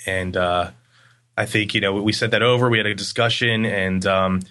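A man in a casual interview, telling stories in a rambling, animated way with lots of fillers. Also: fairly low pitch, normal speed. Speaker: agency guest.

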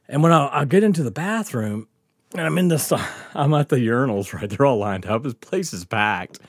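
A man's voice: medium pitch, brisk, no room sound, clean studio sound. A man, telling a rowdy story on his podcast, laughing often and swearing freely. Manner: animated, laughing often, profane. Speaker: podcast host telling stories. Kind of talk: casual storytelling.

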